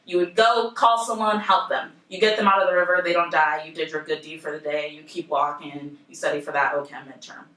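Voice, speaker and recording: A woman's voice: sits low, fairly quick, hardly any pauses. Young woman telling a story in a roomy space. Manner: lively, addresses the audience directly, acts out quoted voices. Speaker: presenter at a university civic engagement center. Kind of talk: storytelling presentation to students. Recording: roomy, from a distance.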